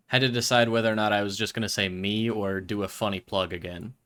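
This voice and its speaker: A man's voice: fairly low pitch, steady tone, quick pace, few pauses, a bit bright. A man streaming a game, chatting to viewers in a rambling, self-mocking way. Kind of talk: casual live-stream chatter.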